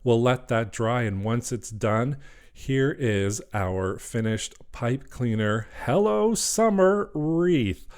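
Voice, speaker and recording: A man's voice: medium pitch, lively intonation, slow pace. Cheerful man narrating a craft tutorial. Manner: cheerful and chatty, gushing over the finished work. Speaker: craft channel host. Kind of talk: friendly step-by-step craft tutorial voice-over.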